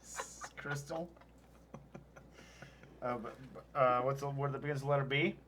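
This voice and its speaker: A man's voice: mid-range voice, fairly even intonation, moderate pace, background noise. A man keeping score in a casual party game, joking and laughing often. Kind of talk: casual chat.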